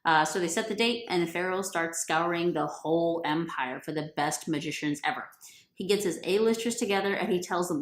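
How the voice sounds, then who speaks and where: A woman's voice: lowish voice, normal speed. A woman retelling a religious story in a playful, chatty, slangy way. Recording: roomy echo.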